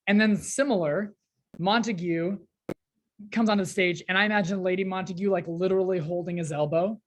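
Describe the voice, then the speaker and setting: Woman teacher, casual classroom explanation, chatty modern paraphrasing, lowish voice. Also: normal speed, a bit bright.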